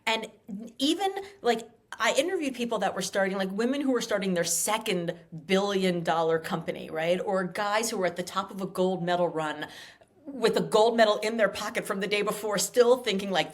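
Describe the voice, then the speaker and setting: A woman in her fifties talks as a guest author in a casual interview. She is animated and emphatic and keeps slipping into acted-out quotes. Her voice sits at a middle pitch. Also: a little fast. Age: 50s.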